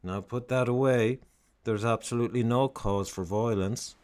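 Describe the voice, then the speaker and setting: A man's voice: medium pitch, normal speed, darkish tone, close to an everyday voice. A man voicing a prim, indignant middle-aged doctor with an English accent in a storybook reading. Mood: nervous polite.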